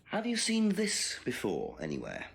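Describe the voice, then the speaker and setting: An actor playing a calm male police inspector in a detective video game, questioning a suspect in a measured and persistent way. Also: fairly high pitch, gravelly, husky, heavily acted. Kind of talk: FMV game acting.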